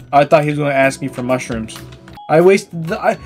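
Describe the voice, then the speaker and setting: Low-voiced woman joking crudely over her game, bit of music in the back. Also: lively intonation, fairly quick, a little mellow. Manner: crude, joking, self-mocking. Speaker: gaming video creator. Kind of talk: gameplay commentary.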